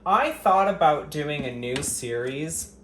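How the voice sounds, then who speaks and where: A man's voice: a little high, lively intonation, slow pace. A man vlogging as he cooks in his home kitchen. He talks straight to his viewers in a profane, sarcastic, mock-dramatic way and teases them. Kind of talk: cooking vlog chat to camera. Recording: echoey kitchen with faint ambient noise.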